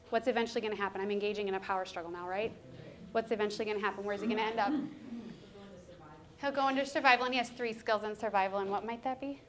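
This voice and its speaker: A woman in her thirties giving a workshop presentation as a trainer, animated and quick to laugh. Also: mid-range voice. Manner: animated, laughs often, acts out quoted voices. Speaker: parenting and behavior trainer.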